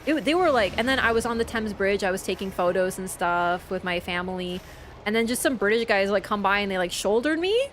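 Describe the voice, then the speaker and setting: A young woman streaming a game, chatting casually and telling travel stories with animated swings into quoted voices. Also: medium pitch, a little fast, a little hiss or hum. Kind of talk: casual chat while gaming.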